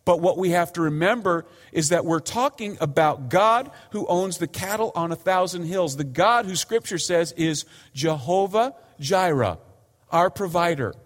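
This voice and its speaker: A man's voice: high voice, animated, moderate pace, in a large hall. A man preaching a sermon in an earnest, pleading way, his voice rising and falling for emphasis. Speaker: pastor.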